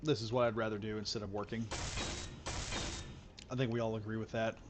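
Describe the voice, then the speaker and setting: A man's voice: lowish voice, little pitch movement, fairly quick, noisy background. A man chatting loosely to viewers while he live streams a game, rambling and repeating himself. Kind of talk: casual live stream chat while gaming.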